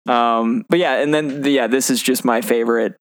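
A man's voice: medium pitch, steady tone, moderate pace. A man co-hosting a podcast, chatting casually and animatedly, laughing often as he retells favorite TV scenes. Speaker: podcast co-host. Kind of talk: casual chat.

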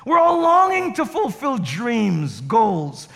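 Animated high-voiced male preacher in a hall. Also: takes it slowly, vocal fry. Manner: animated storytelling with acted quotes. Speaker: guest pastor. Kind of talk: sermon. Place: church sanctuary. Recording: reverberant hall.

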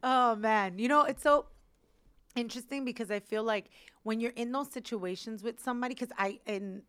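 A woman's voice: fairly high pitch, normal speed, a bit bright, clear, resonant tone, no echo. A young woman co-hosting a podcast, musing casually with a wry, hesitant way of talking and trailing off into fillers. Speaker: podcast co-host. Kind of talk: casual chat.

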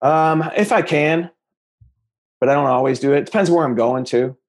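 A man's voice: on the high side, moderate pace. A man chatting as a comedian guest on a podcast, easygoing, trailing off with fillers. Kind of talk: casual chat.

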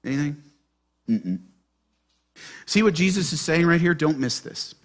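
A man preaching a sermon to his church, asking the congregation questions and shifting between loud emphasis and soft, gentle asides. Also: fairly high pitch, measured pace. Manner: animated, asks the congregation questions. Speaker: pastor.

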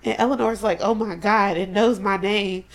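A woman co-hosting a casual podcast chat, retelling a story with lively acted-out quotes and slang. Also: mid-range voice, moderate pace. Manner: animated, acts out quotes, slangy. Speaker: podcast co-host. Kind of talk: casual chat recapping a horror novel.

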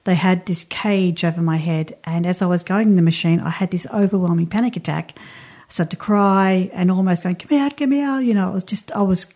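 A woman's voice: on the low side, fairly even intonation, brisk, dark tone. A woman giving earnest wellbeing and astrology advice, speaking straight to the listener in casual chat.

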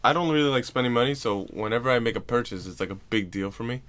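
A man's voice: mid-range voice, fast talker, a bit bright. A young man hosting a podcast, telling rambling stories in casual chat and laughing often at his co-host. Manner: giggly, rambling storyteller.

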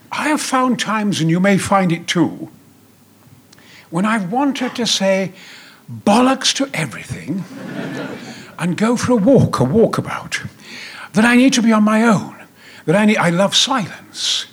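A man in his seventies telling a stage anecdote as a guest, booming and theatrical and swearing freely. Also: sing-song, measured pace, long pauses.

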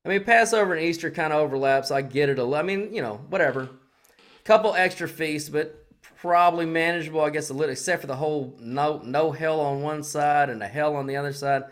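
A man's voice: on the high side, brisk, a bit bright. Sarcastic, foul-mouthed man riffing. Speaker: podcast co-host. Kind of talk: casual podcast banter.

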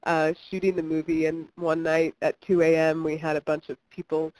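A woman's voice: deep voice, flat delivery, normal speed, a little mellow, poor audio. A young woman from Kentucky, a filmmaker guest in an interview, talking chattily with many fillers and restarts. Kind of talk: interview conversation.

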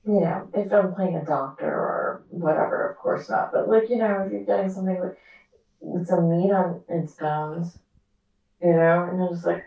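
Woman actor guest, lowish mellow voice, candid and animated, echoey distant dull mic. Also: gravelly. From America. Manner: animated, quick asides, acts out quoted dialogue. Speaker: actor and author, podcast guest. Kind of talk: candid interview conversation.

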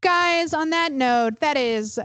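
A woman co-hosting a podcast, talking in an animated, emphatic, profane way. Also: a little high, normal speed, no echo, poor audio. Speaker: podcast co-host. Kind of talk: casual chat.

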